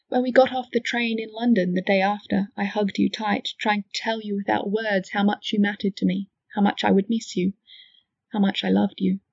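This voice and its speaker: A woman reading an emotional first-person story with a gentle, wistful delivery. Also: medium pitch, slightly rough, no room sound. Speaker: fan fiction reader. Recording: dull lo-fi dry recording.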